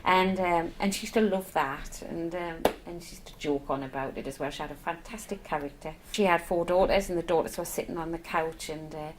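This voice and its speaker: A fairly low-pitched woman talks a little fast, barely pausing, against background noise. The middle-aged palliative care nurse from Northeast England gives a warm, candid and at times emotional documentary interview, telling personal stories about her job.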